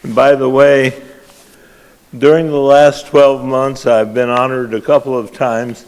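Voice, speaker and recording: A man's voice: medium pitch, flat delivery, measured pace, a little mellow, clean tone. An older man giving an award acceptance speech, a folksy, self-deprecating storyteller at a podium. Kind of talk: after-dinner speech with folksy jokes. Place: large banquet hall. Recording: long reverb of a banquet hall.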